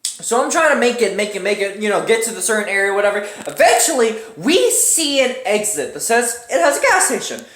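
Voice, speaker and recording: Woman YouTuber, mid-pitched, animated and profane storytime, roomy echo. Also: a little fast. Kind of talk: casual storytime vlog. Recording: roomy echoing room.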